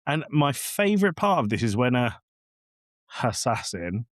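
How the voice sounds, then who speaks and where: A man's voice: a little high, big pitch swings, fairly quick, dry recording, studio quality. Exasperated man ranting about a film. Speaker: podcast co-host. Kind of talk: casual film review chat.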